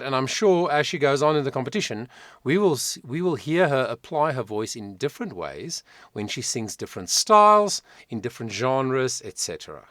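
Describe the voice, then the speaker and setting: Male vocal coach, animated pitch, emphatic, reflective, dry close sound. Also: normal speed, dry recording. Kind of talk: reaction video commentary.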